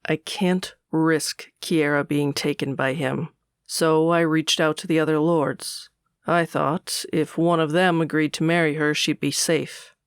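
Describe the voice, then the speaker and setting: A man voicing an authoritative older male lord and worried father in an audiobook, speaking low and measured with a gravelly voice. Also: level tone, no echo, studio quality. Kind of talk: audiobook character dialogue.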